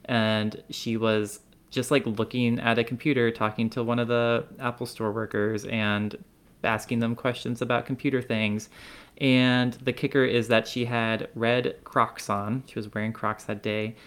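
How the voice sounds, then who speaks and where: A man co-hosting a podcast, telling a story in a casual, animated, giggly way. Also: mid-range voice, a little slow, clear, resonant tone. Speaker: podcast co-host.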